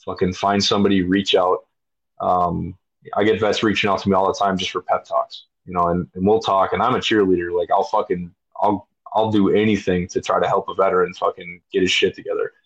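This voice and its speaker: Speaking quickly in a low, slightly rough voice with little pitch movement, a man in his thirties tells his story as a military veteran on a podcast. He's blunt, casual and profane, with lots of fillers, and the audio is dull and lo-fi.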